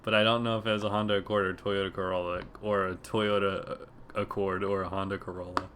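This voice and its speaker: Podcast co-host, animated storyteller, swears freely, mimics callers. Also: male voice, sits low, brisk, slight background noise. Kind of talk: casual storytelling chat.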